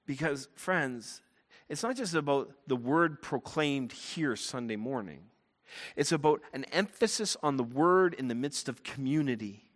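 A man preaching a sermon as a pastor, earnest and emphatic, turning quiet and low in prayer. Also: a little slow. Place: church sanctuary. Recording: long hall reverb.

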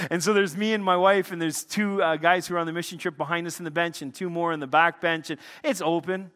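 A middle-aged man preaching a sermon, telling stories in an animated way that swings between loud excitement and hushed intensity. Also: on the high side, quick pace, hardly any pauses. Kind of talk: sermon with storytelling. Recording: long reverb of a large hall.

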